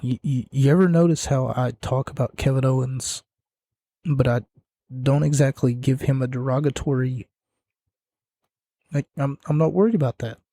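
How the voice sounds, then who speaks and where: A man's voice: mid-range voice, steady tone, moderate pace, long pauses, mellow, dry recording, studio quality. A man hosting a podcast, giving casual wrestling commentary in a sarcastic, mocking rant. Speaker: podcast host.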